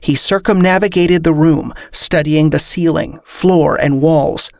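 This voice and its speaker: Gravelly story narrator. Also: mid-range voice, unhurried, no echo, clean studio sound. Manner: even storytelling, voices characters. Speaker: story reader. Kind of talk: scripted fiction narration.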